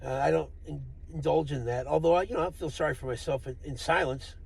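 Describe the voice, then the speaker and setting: Gravelly-voiced man telling a rambling story. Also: on the high side, fast. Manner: rambling, profane, wry storytelling. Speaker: vlogger. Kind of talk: casual storytelling monologue.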